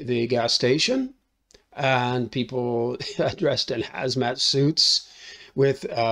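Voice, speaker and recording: A man talks through a film's plot in a relaxed, thinking-aloud way, stopping often to ask "right?" and filling gaps with "uh" and "um". His voice sits at an ordinary middle pitch with a noticeable gravelly fry. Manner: recaps the plot with many "right?" tags and "uh" fillers. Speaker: film reviewer. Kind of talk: casual spoken film review.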